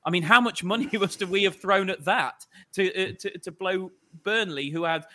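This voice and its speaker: Football pod guy, bright punchy voice, venting about his club, kinda high. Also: moderate pace. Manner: frustrated, ranting about his club's board. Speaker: football podcast panelist. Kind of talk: casual chat.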